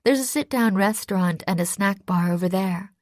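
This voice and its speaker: A woman voicing a cheerful young female sailor in an audiobook, pitched a little higher than her narration. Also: moderate pace, no echo, studio quality, close to an everyday voice. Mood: hesitant.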